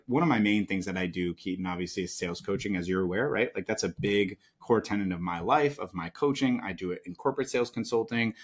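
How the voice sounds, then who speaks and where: A man speaking as a guest and sales coach in an interview, emphatic, often asking "right?". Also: lowish voice. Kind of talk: conversational interview.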